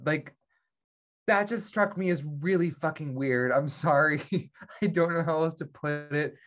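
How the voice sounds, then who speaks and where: A man's voice: a little high, measured pace, a bit bright. Blunt swearing male podcaster. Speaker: podcast co-host. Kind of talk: casual review chat.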